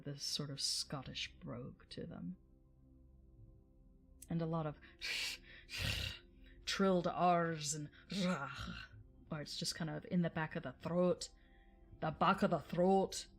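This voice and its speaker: Low voiced woman just rambling at her stream chat, laughs a lot. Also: fairly even intonation, moderate pace, soft background music. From United States. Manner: chatty, tangential, laughs often. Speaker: livestream host. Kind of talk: casual livestream chat answering viewers.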